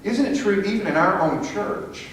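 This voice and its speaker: His voice sits high and sounds animated as he leads a Sunday school class at a moderate pace, asking questions and calling on people by name. It's recorded from a distance in an echoey room, with faint hiss.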